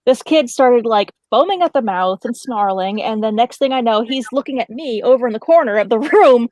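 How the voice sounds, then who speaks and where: A woman casually telling a paranormal story to friends, animated and laughing often as she talks. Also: a little high, normal speed, no echo, rough recording. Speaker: paranormal storyteller on a group call.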